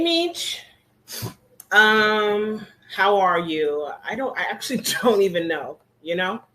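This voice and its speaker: Woman hosting a live hair class, talks slow n easy, casual slangy chat with viewers, mid pitch. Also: low-quality recording. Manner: chatty, greets each viewer by name, relaxed slang. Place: indoor room with air conditioning.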